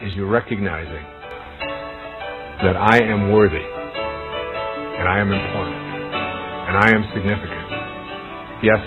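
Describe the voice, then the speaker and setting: A man giving an earnest inspirational lecture, building on repeated phrases. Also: fairly low pitch. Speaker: spiritual lecturer. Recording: tinny phone-like lo-fi recording with faint music.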